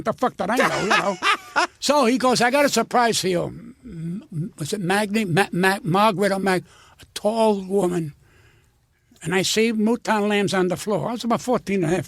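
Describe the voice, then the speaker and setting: An older man with a high, dry-recorded voice tells brash, profane showbiz stories. He jumps into loud impressions and swears freely. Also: no room sound. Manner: brash, profane, animated storytelling with shouted impressions. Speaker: comedian guest. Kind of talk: storytelling interview.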